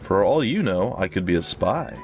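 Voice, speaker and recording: A man's voice: low-pitched, sing-song, normal speed, soft background music, voice pushed down. Zimmer, a man doing a breezy ex-bandit. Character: easygoing male ex-bandit anarchist.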